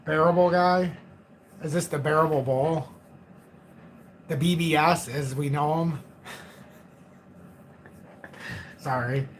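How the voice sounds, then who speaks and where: A man's voice: fairly high pitch, fairly even intonation, slow, long pauses, a little hiss or hum. A man in his forties hosting a crypto livestream, chatting casually in a rambling, joking, self-mocking way. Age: 40s.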